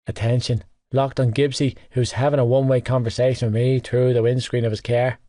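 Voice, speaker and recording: A man's voice: medium pitch, flat delivery, fairly quick, mellow, no room sound. Man narrating a novel, dry sound. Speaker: audiobook narrator. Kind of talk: first-person novel narration.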